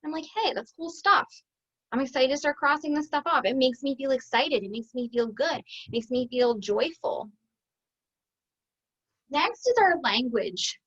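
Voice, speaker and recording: A woman's voice: high voice, animated, normal speed, highs cut off. A woman business coach teaching an online masterclass, upbeat and conversational, acting out the thoughts she quotes.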